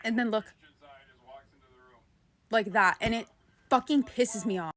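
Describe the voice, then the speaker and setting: A woman's voice: a little high, unhurried, long pauses. A woman in an irritated, emphatic casual rant.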